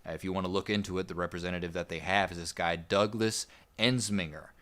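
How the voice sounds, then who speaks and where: A man with a notably deep, low voice walks through history in an easygoing, rambling manner. He co-hosts a casual podcast and leans on fillers as he talks. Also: quick pace. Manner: relaxed, rambling storyteller with fillers. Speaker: podcast co-host.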